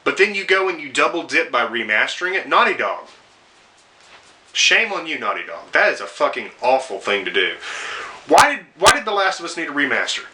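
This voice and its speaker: Fairly quick and very animated, a young man's high-leaning voice comes across bright and forceful as he rants about video games in a commentary video. The review is sarcastic and full of swearing and exasperated asides, and a faint hiss or hum sits under the audio.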